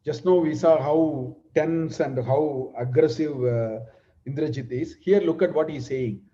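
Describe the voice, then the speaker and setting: A man teaching a scripture class, explaining Sanskrit verses word by word in an unhurried way. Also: fairly high pitch, dark tone. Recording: dull lo-fi recording.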